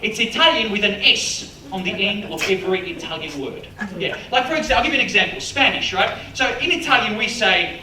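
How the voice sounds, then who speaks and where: A man's voice: sits high, expressive, fairly quick, few pauses, bright, forceful tone. A middle-aged man doing stand-up comedy in a chatty, teasing way, slipping in Italian words. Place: live comedy venue. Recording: roomy live room, mic at a distance, crowd laughter. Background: audience laughing.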